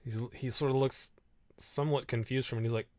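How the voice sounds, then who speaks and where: A man's voice: medium pitch, steady tone, a little fast, darkish tone, dry recording. A man narrating as game master of a tabletop game, casual and laughing often.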